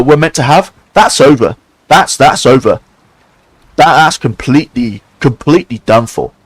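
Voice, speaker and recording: A man's voice: mid-range voice, rough recording. A male streamer ranting angrily on a live stream, swearing often and stumbling through restarts. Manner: heated, swearing, halting with many restarts. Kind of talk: angry live-stream rant.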